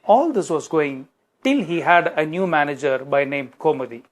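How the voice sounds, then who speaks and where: A man tells everyday stories to make a motivational point. His voice sits notably high, and he explains things plainly and steadily. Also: lively intonation, moderate pace. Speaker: motivational speaker. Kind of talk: storytelling talk.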